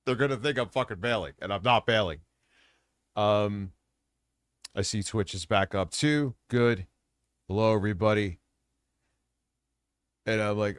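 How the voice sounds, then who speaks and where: A man's voice: fairly low pitch, moderate pace, no room sound, clean studio sound. A man livestreaming, ranting with frequent profanity about broken computer hardware. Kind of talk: casual livestream chat.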